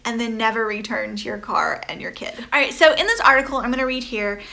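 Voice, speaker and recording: A woman's voice: on the high side, quick pace, gravelly, pushed and bright. A woman in her thirties giving a chatty, rambling reaction commentary as a vlogger, full of "you know" fillers. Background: background music.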